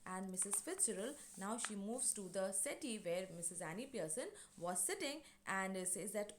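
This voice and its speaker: A woman teacher explaining a lesson online, retelling and paraphrasing in a hesitant, halting way. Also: medium pitch, lively intonation. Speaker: English teacher. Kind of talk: online class lecture.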